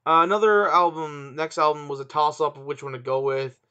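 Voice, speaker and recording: Guy rambling and pausing a lot, kinda high smooth voice, lo-fi sound. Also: steady tone, pushed and bright. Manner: hesitant, searching for words. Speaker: podcast co-host. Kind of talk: casual chat. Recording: dull lo-fi sound.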